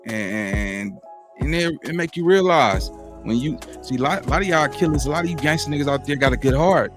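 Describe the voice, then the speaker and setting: A man's voice: expressive, brisk, faint music behind. A man hosting a casual reaction commentary, talking in loose street slang with constant "you know what I'm saying" and a preachy, rambling delivery. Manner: preachy, drifting from high to low pitch. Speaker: commentary host.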